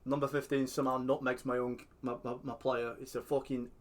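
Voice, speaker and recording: Sweary excitable man streaming. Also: medium pitch, fairly quick. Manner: sweary, excitable, shouts at the game. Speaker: streamer playing a football manager game. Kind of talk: casual gaming commentary.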